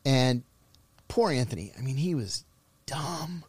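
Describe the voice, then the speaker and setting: Animated middle-aged male storyteller. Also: medium pitch, unhurried, husky, no room sound. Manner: animated, acts out quoted voices. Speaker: podcast guest. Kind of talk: casual storytelling.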